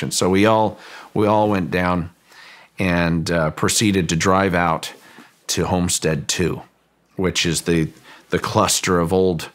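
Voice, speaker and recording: A man's voice: low voice, a bit bright. A man, a guest on an interview show, telling a long story with frequent restarts and fillers, raising his voice when he acts out quoted lines. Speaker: guest, ranch owner.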